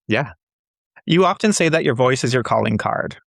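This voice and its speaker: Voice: mid-range voice, lively intonation, moderate pace, vocal fry, a bit bright, no echo, clean studio sound. A podcast host who interviews a guest with brief questions and affirmations.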